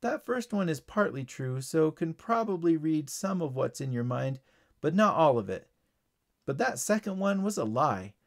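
A man's voice: fairly high pitch, sing-song, normal speed, vocal fry, pitched above the performer's own voice. A man voicing a confident young schoolgirl in a storybook reading, matter-of-fact and sure of herself.

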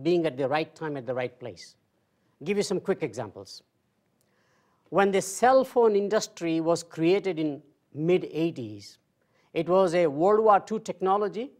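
A man in his sixties gives a marketing lecture in an informal, highly conversational way. He mixes dry self-deprecating jokes into his points and talks to the audience like a friendly teacher. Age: 60s. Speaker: marketing professor.

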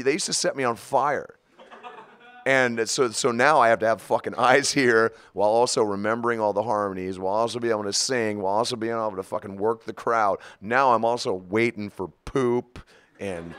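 A man in his forties, the guest of an interview, telling stories in an animated, profane way with frequent laughter. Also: medium pitch, moderate pace, smooth. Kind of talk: storytelling interview.

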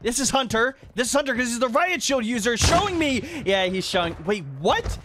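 A man hosting a game video, commentating his play and reacting with quick bursts of loud disbelief. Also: extremely high pitch, lively intonation, noisy background. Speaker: YouTube gaming host. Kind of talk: gameplay commentary.

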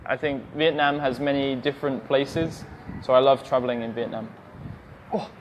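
A man's voice: medium pitch, fairly even intonation, moderate pace, a little hiss or hum. English man answering livestream questions. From England. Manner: friendly, reads out questions then answers them plainly. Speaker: English teacher. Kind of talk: livestream Q&A reading viewer comments.

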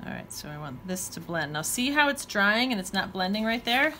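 A woman's voice: mid-range voice, sing-song, a little fast, noisy background. A woman teaching watercolor, talking casually while she paints and thinking aloud with playful exclamations. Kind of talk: painting demonstration talk-along.

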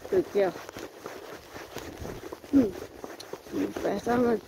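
Woman coaxing her pony, slow and outdoors. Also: mid-range voice, noisy background. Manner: coaxing and scolding a pony in short commands. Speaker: horse rider and vlogger. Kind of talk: talking to her pony while riding. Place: outdoors on a road, riding a pony.

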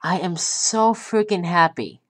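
A woman giving casual commentary over her own gameplay, swinging from quiet hoping to gleeful cheering and calling her viewers dudes. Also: fairly low pitch, measured pace. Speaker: gameplay video creator.

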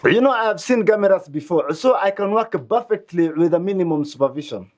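Brief: an earnest young classmate, high voice. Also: male voice, expressive, brisk, a little mellow. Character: earnest young man, stumbling when teased.

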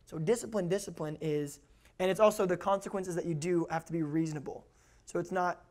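A man speaking as youth pastor, telling lively stories and repeating his key words for emphasis. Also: high voice, quick pace. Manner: animated storyteller who acts out quotes, repeats key words. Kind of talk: youth ministry talk.

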